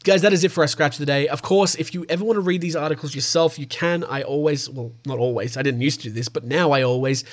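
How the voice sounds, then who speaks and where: A man's voice: fairly high pitch, quick pace, few pauses. A man with an Australian accent hosting a casual show, reading out animal news stories and tossing in swearing asides. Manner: stumbles over names, swears in asides.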